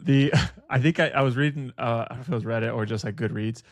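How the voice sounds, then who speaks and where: A man's voice: mid-range voice, fast, no room sound. A man co-hosting a podcast in casual book club chat, playful and laughing as he riffs on jokes, recorded on a dry close mic. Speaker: podcast co-host.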